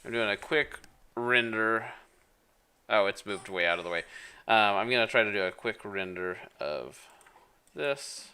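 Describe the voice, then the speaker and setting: A man thinks aloud on a casual live stream, rambling and correcting himself as he goes. His pitch swings widely, and his voice is bright and clear. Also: lively intonation, unhurried, long pauses. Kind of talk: casual live-stream chat while working in 3D software.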